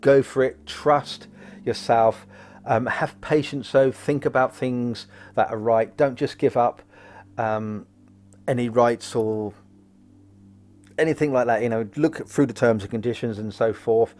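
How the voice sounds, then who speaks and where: A man doing casual card readings for viewers, chatty and prone to wandering off into jokes. His voice sits at an ordinary middle pitch, and he talks in a loose, friendly ramble. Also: steady tone, measured pace, darkish tone. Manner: rambling, jokey, goes off on tangents. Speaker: psychic card reader, host.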